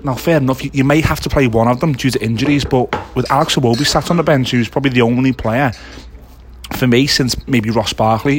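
A man co-hosting a casual post-match football reaction, giving brisk, opinionated analysis. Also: medium pitch, slight background noise. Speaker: football podcast co-host.

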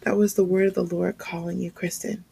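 A woman voicing her serious father as he speaks gravely. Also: fairly low pitch, flat delivery, brisk, warm tone, full character voice. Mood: solemn. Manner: solemn, grave. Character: serious, stern father, a man.

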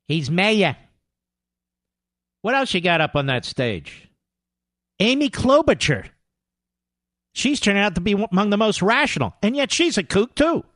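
A sarcastic male radio host with a high voice that swings up and down as he rants. He sounds dry and close to the mic, scoffing and combative throughout. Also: a bit bright, dry recording. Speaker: radio talk show host. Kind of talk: political talk radio monologue.

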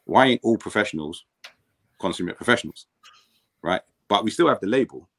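A former pro footballer with a very low, deep voice reminisces about his playing days as a guest in a casual podcast chat. He tells his stories in a relaxed, conversational way at a slightly fast pace, often repeating words as he restarts a sentence.

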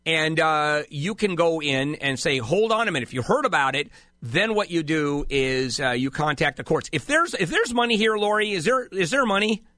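A man hosting a call-in legal advice show, his voice swinging widely in pitch and ringing bright and forceful. He talks bluntly and cuts in on callers, and the studio sound is dry and close. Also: expressive, moderate pace, no room sound. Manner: blunt, impatient, interrupts callers. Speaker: radio legal advice host.

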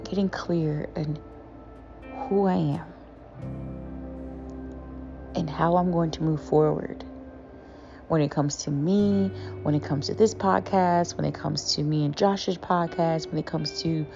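A woman speaks slowly and thoughtfully on a podcast, her fairly low voice carrying a gravelly edge. She pauses and restarts often, affirming herself as she goes. The sound is dull and lo-fi, with faint music underneath. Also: fairly even intonation, dark tone. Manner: slow, halting self-affirmation with many fillers. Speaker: podcast co-host. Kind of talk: reflective podcast monologue.

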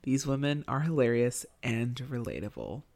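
A woman's voice: extremely low pitch, big pitch swings, normal speed, gravelly, darkish tone. A young woman co-hosting a podcast, chatting casually in a rambling way with frequent hesitations and giggles. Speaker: podcast co-host. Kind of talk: casual chat.

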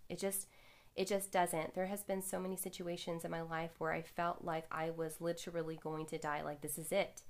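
A young woman speaks to her listeners in a candid, animated monologue, cursing casually as she goes. Her voice sits on the lower side for a woman. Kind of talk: personal storytelling monologue.

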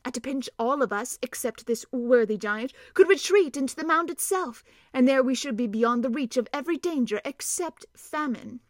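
A woman's voice: sits high, animated, normal speed, few pauses, no room sound, clean studio sound. Woman reading as an earnest learned old doctor. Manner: earnest, explanatory, urgent.

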